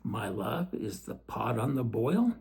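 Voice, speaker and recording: A man voicing a wicked, greedy old male fox in a storybook reading, with a slow, gloating delivery. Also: mid-range voice, sing-song, vocal fry, darkish tone, husky, heavily acted.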